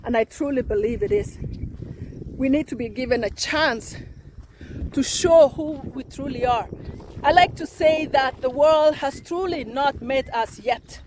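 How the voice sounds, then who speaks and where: A high, bright-pitched woman from Africa talks straight to camera in an opinion vlog. She is middle-aged and emphatic, and her delivery is fervent as she builds her case point by point. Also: unhurried, slight background noise. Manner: impassioned, emphatic, counting off numbered points. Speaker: vlogger.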